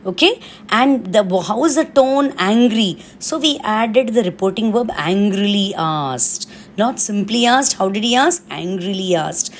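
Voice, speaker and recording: A woman's voice: mid-range voice, a little hiss or hum. A woman teacher giving a recorded grammar lesson, explaining patiently and checking in often with "okay?".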